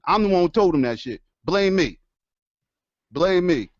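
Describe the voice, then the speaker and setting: A man ranting on his stream in a casual, profane, animated way, laughing often. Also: high-pitched, unhurried, no echo. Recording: dull lo-fi dry sound.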